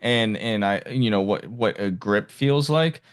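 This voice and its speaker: A man hosting a podcast in casual conversation, talking haltingly with frequent restarts and fillers. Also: lowish voice. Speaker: podcast host. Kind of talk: casual interview chat.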